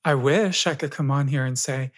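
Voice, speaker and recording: A podcast guest giving calm, reflective advice in a thoughtful conversational way. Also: medium pitch, normal speed. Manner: calm, reflective, laughs easily.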